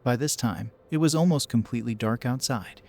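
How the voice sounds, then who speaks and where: A man narrating a first-person horror story in a steady, measured storytelling voice. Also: medium pitch, creaky.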